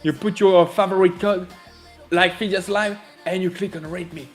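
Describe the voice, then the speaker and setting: A man's voice: sits high, fairly even intonation, normal speed, faint music behind. A man hosting a live trading stream, reading out chat and laughing often. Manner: playful, laughs often, reads chat messages aloud.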